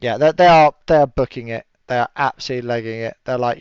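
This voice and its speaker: A man's voice: mid-range voice, quick pace, a little hiss or hum. A man running a tabletop game as game master, chatty and laughing often, with lots of fillers. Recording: dull lo-fi audio.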